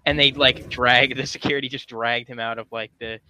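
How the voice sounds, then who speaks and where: A young man chatting casually with friends, halting and restarting as he tells a story. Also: mid-range voice, fairly even intonation, bright, forceful tone. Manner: halting, many fillers and restarts. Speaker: viewer reacting to videos. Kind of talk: casual chat.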